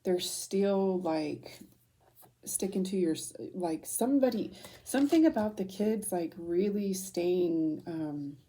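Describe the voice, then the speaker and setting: Woman in her 30s doing a tarot reading, rambly and a bit choked up, dark mellow voice, lowish. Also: expressive, slow. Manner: rambling, emotional, frequent fillers and restarts. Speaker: tarot reader. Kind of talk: casual intuitive reading.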